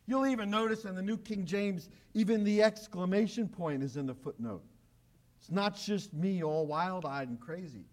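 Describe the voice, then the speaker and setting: A man preaching a sermon with emphasis, swinging from loud declarations to quiet, low asides. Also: expressive, measured pace. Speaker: pastor. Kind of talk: radio sermon.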